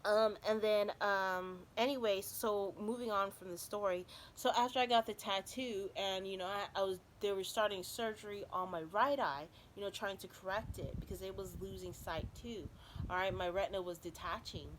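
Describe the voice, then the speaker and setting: A woman's voice: medium pitch, fairly even intonation, moderate pace. Chatty woman giving a spiritual reading. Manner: rambling, checks in often with "all right?". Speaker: tarot card reader. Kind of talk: casual spiritual reading for viewers. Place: home room with window open. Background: faint noise from outside.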